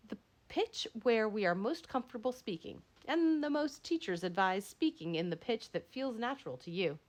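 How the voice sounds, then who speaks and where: Woman instructor, read-aloud lecture, expressive pitch, self-correcting. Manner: reads aloud with frequent slips and self-corrections. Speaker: instructor reading a textbook chapter.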